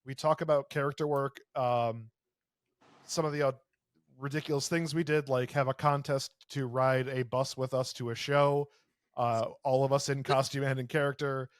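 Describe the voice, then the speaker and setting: A man in his thirties speaking as a podcast guest, with a laid-back, wry delivery. His voice has a mid-range pitch. The recording is dry and close. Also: flat delivery, moderate pace, no room sound. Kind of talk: casual podcast chat.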